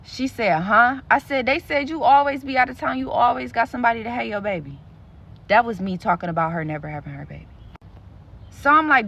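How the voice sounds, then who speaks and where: A woman's voice: mid-range voice, fairly quick, gravelly, bright, forceful tone. A young adult woman telling a storytime rant in a casual, blunt, profane way, acting out what other people said. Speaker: social media creator.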